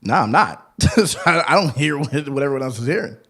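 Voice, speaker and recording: Easygoing New England co-host who laughs a lot. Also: male voice, mid-range voice, animated, fairly quick, vocal fry, pushed and bright. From New Hampshire. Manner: laughs easily, easygoing banter. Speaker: podcast co-host. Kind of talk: casual podcast chat.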